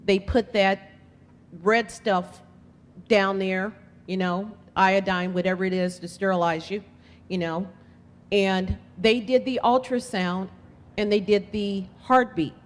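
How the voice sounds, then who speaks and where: A woman's voice: medium pitch, slow, long pauses. A woman political candidate giving an impassioned, emphatic campaign speech, telling her story. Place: event hall. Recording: long hall reverb.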